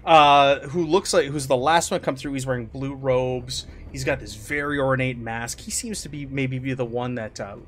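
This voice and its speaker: A man's voice: medium pitch, fairly bright tone, a little hiss or hum. Casual man narrating as game master. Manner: casual, rambling, with fillers.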